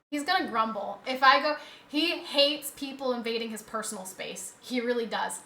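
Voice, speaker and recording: A woman's voice: fairly high pitch, normal speed, pushed and bright. A woman streamer chatting casually on a live stream from her home setup, often cooing at her dog in a doting voice.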